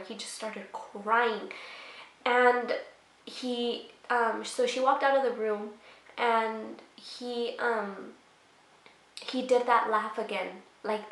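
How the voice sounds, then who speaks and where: A woman's voice: a little high, a bit bright, echoey room. A young woman vlogger telling a personal story in a casual, rambling way, full of fillers. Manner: rambling, many fillers, emotional retelling.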